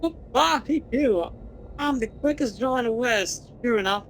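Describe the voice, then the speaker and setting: A man's voice: high voice, big pitch swings, brisk, a bit bright, slight background noise, rough recording. A woman voicing a boastful old male cowboy from a video game, talking in a folksy Western drawl. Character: drawling old cowboy, quickest draw in the West. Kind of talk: reading game dialogue aloud in a put-on voice.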